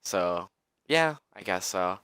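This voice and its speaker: A man's voice: low-pitched, lively intonation, takes it slowly, a bit bright, clean tone, no room sound, clean studio sound. A man casually commentating while playing a game, chatty and rambling as he corrects himself. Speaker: let's play host.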